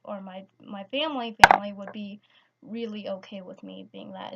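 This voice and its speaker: Hesitant teenage girl, lo-fi sound. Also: medium pitch. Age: teens. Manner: hesitant, many restarts and fillers. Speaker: vlogger. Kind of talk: personal story vlog. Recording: slightly dull lo-fi sound.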